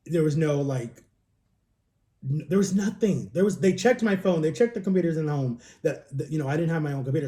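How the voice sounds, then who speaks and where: A young man with a slightly high voice and a dark tone vlogs from home, telling a personal story in a loose, rambling manner. He says "like" often and reenacts others' remarks as quoted dialogue.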